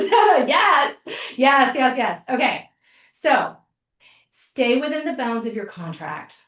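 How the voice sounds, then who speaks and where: A woman's voice: sits high, far from the mic. Spirited woman speaker in an echoey hall. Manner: spirited, teasing, laughs often, addresses audience directly. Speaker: conference speaker and grant writing coach. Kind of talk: lively conference talk. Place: conference hall.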